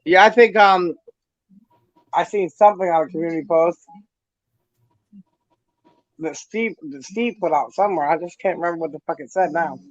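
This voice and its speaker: A woman's voice: fairly low pitch, moderate pace, pauses often, dry recording, muffled recording. A woman hosting a casual livestream chat, telling brash, profane stories and often breaking into laughter. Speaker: livestream host.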